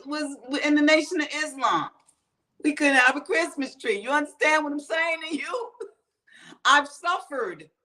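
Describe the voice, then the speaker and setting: Woman host, raised-pitch profane rant, pitch leaping all over. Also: a bit bright. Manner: fired-up, profane, talks straight to viewers. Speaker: show host. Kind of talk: ranting commentary.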